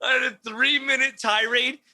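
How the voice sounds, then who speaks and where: A man's voice: very high voice, steady tone, normal speed, gravelly, bright, forceful tone, dry recording. A man co-hosting a casual comedy podcast, telling stories with lots of swearing and laughter, acting out quotes. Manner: profane, laughing, storytelling with acted-out quotes. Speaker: podcast co-host.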